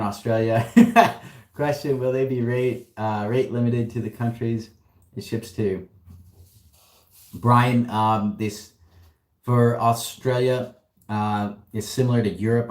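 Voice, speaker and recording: In a warehouse with an echo, a man whose voice is fairly low hosts a casual livestream Q&A. Upbeat and full of slang, he laughs often while reading and answering questions from viewers.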